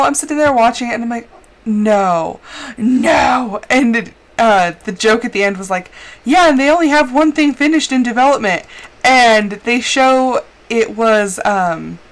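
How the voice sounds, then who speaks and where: A woman streamer chatting casually while playing a game, telling stories and acting out her own reactions. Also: fairly high pitch. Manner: chatty storytelling, acts out her own shouting. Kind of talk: casual gaming chat.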